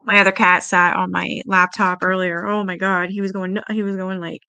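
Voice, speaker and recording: A woman's voice: fairly even intonation, a little fast, hardly any pauses, pushed and bright, clean tone, dry recording. A woman hosting a true-crime livestream who chats casually with her viewers and swears freely. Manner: chatty, swears freely, talks to her chat; coos at her cats in a high baby voice.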